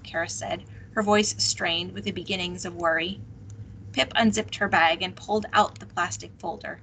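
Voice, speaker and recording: A woman teacher reading a novel aloud, steady and expressive. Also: on the low side, normal speed, gravelly, slight background noise, low-quality recording.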